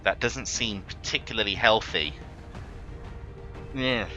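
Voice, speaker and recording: Man, let's play commentary, low pitch, sharp bright tone, dull mic, music behind. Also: slow pace. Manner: swearing, exasperated outbursts. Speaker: gaming let's player.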